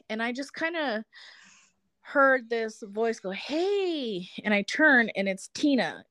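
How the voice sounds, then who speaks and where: A woman's voice: on the high side, fairly bright tone, no echo. Chatty woman telling a story, dry sound. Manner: chatty, many fillers, laughs between thoughts. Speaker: guest. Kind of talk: casual storytelling.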